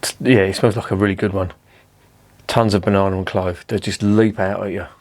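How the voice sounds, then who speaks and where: A man's voice: low voice, level tone, fairly quick, darkish tone. A man casually reviewing a beer at home, chatty and self-mocking, swearing freely. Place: indoors at home with curtains drawn.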